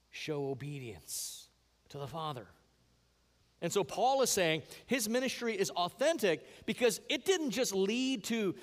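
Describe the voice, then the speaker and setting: A man with a fairly high voice delivers a sermon in a warm, conversational way, leaning hard into key phrases. He talks to the congregation like friends. The sound carries the long reverb of a church sanctuary. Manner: earnest, conversational preaching with rising emphasis. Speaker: pastor.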